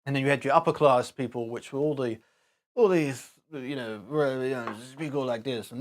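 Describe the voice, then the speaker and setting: A man's voice: mid-range voice, expressive, brisk. A man hosting a live stream, chatting casually and rambling with chuckles while he talks to his chat.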